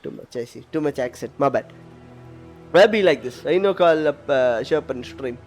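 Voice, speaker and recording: A young man chatting casually on a game stream, animated and teasing. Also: mid-range voice, moderate pace, soft background music. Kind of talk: casual gaming stream chat.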